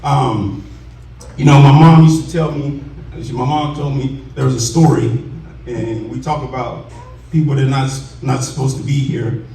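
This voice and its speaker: A man in his forties gives an unscripted acceptance speech in a school cafeteria, emotional and halting, circling back over his words. The sound is roomy and heard from some distance, with a faint hiss underneath. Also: mid-range voice, steady tone, gravelly, warm tone. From Commerce, Texas. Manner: heartfelt, halting, many restarts. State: emotional, voice choking up. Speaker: honoree giving an acceptance speech.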